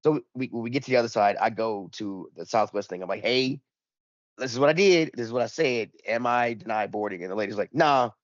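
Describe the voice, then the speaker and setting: A man's voice: on the low side, quick pace, few pauses, no room sound. A man on a podcast telling a rambling, profane story, full of restarts, acting out both sides of the argument. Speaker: podcast co-host. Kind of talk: casual storytelling chat. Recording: dull lo-fi dry recording.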